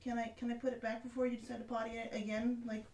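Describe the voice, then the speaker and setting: A woman's voice: on the high side, level tone, fast talker. A woman hosting a casual livestream, chatting with viewers and cooing to kittens. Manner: chatty, talks to kittens and reads viewer comments. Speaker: livestream host. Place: room with kittens. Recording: roomy, distant mic, faint noise.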